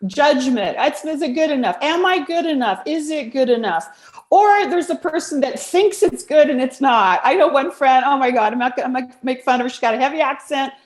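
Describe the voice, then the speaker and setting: A woman, a speaking coach, talking over a video call in a blunt, animated way and laughing often. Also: sits high, brisk, echoey room. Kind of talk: casual interview chat.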